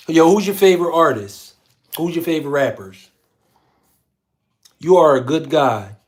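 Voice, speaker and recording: A man's voice: fairly high pitch, animated, slow pace. A man hosting a casual livestream, reading viewer comments aloud in a slangy, laid-back way. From Philadelphia. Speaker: livestream host.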